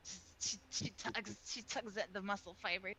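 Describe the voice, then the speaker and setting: A woman playing in a tabletop game, chatting casually and quickly with the group. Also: medium pitch, steady tone, pushed and bright, husky. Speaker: player.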